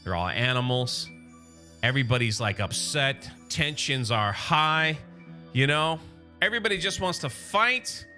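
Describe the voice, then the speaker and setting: A man's voice: on the high side, unhurried, sharp tone, faint music behind. A man casually recapping and reviewing a comic book, chatty and acting out character lines as he goes.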